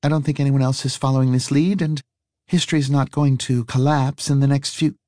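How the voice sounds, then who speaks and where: A man voicing a brisk, wry woman in an audiobook. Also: medium pitch, fairly even intonation, warm tone, no room sound, studio quality, pitched above the performer's own voice, natural voice. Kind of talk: audiobook character voice.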